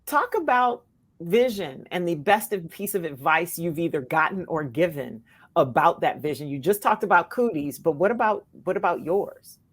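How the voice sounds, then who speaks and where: A woman's voice: on the low side, expressive, moderate pace. A woman hosting a casual interview, asking conversational questions and affirming her guest. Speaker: host.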